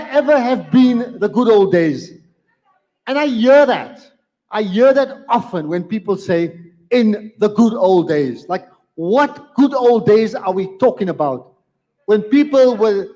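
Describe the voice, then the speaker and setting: Guy running a debate, high voice, keeps repeating himself, firm n a bit apologetic. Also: a little mellow. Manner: emphatic, repeats phrases, firm but apologetic. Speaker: debate moderator. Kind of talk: live debate moderation. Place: community centre hall, live event. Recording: long hall reverb.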